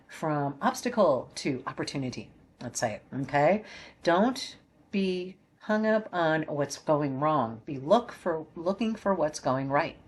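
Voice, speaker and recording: Low-pitched woman, card reader, reassuring and repetitive, talks straight to viewers. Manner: encouraging, coaxing, repeats phrases. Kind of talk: spiritual guidance talk to viewers.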